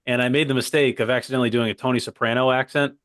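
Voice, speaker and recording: A man's voice: medium pitch, steady tone, very fast, fairly bright tone. A young man co-hosting a comedy podcast. He rambles and keeps drifting into side tracks, and the sound is close and dry, with no room echo. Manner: rambling, digressive, keeps saying "by the way". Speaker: co-host. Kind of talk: casual comedy podcast chat.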